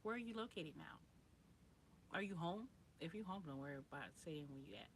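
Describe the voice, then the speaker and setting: A woman hosting a casual livestream, rambling in relaxed slang and greeting viewers by name. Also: lowish voice, brisk, gravelly, slight background noise. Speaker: livestream host.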